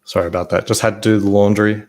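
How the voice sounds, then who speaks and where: A man's voice: on the low side, little pitch movement. A man in casual chat, speculating and asking questions. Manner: speculative, questioning, quick asides. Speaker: podcast co-host.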